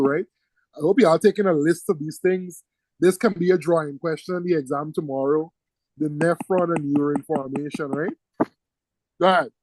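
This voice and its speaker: Lively male teacher quizzing his class. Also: high voice, dry recording, rough recording. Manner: lively, teasing, quizzes students with questions. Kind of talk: classroom lecture.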